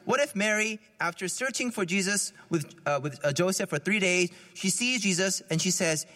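A man's voice: high-pitched, animated, moderate pace, hardly any pauses, sharp tone, in a large hall. A man, a priest, giving a conversational homily, often laughing as he talks.

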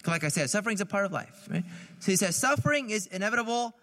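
High-voiced priest preaching in a reverberant hall. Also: male voice, animated, fast talker, pushed and bright. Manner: conversational, asks questions, laughs at own jokes. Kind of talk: sermon.

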